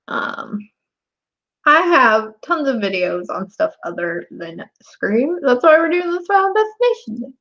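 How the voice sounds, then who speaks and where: A young woman chatting casually with her viewers on a live stream, laughing often. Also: on the high side. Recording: dull lo-fi stream audio.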